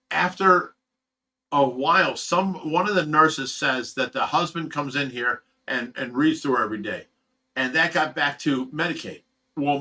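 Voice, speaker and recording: A man's voice: a little high, bright, forceful tone, low-quality recording. A middle-aged man telling a personal story in casual chat, emotional and rambling, swearing freely. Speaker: fish rescue owner.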